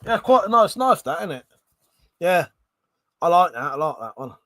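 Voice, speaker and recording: A man's voice: a little high, big pitch swings, moderate pace, sharp tone, no echo. A tipsy man hosting a casual livestream, reading viewer comments aloud, laughing often and swearing freely. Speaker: livestream host.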